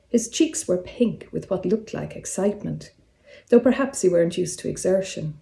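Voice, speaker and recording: A woman, an author reading from her own novel in a calm, measured way. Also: on the low side, creaky. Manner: calm, measured reading; casual, slightly hesitant when speaking off-script. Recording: roomy echo.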